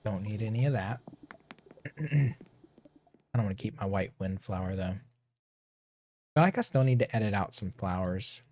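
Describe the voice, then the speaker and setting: A young man streaming a game, chatting casually and rambling to himself, his voice a little hoarse and often clearing his throat. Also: lowish voice, unhurried, long pauses, darkish tone. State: slightly hoarse. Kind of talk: casual gameplay chat.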